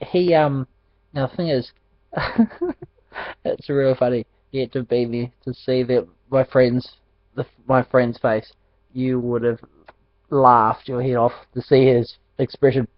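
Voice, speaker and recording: A man telling a personal faith testimony in an animated storytelling way, laughing often. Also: medium pitch, takes it slowly, pauses often, no echo. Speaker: ministry speaker. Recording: dull dry lo-fi recording.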